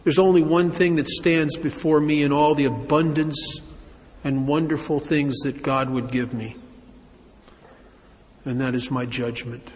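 A man tells a first-person recovery story to an audience, wry and self-mocking, stumbling through restarts. His voice sits a little high. The words trail off into a long hall echo, with a faint hum of ambience underneath. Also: fairly even intonation, unhurried, a little mellow.

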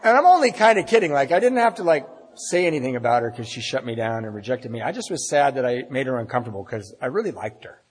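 A man's voice: mid-range voice, very animated, fast, few pauses, breathy edge. A man telling a personal story live in a candid, wry, self-deprecating way. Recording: long reverb in a large hall.

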